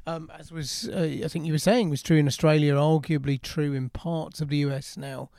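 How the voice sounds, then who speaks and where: A man hosting a podcast interview, asking probing questions with lively inflection. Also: fairly high pitch, normal speed, vocal fry, no echo, studio quality. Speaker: podcast host.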